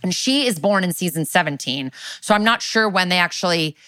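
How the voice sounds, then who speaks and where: A woman's voice: on the low side, expressive, fairly quick, pushed and bright, no room sound. A woman co-hosting a podcast, recapping a TV episode in a chatty way with lots of "like". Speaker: podcast co-host. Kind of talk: casual recap chat.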